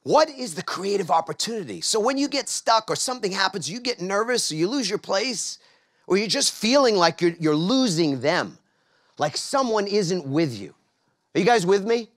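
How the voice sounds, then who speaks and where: A man's voice: sits high, big pitch swings, normal speed, fairly bright tone. A middle-aged man from New York gives a motivational talk to a live audience, coaxing them to answer back. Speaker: speaker.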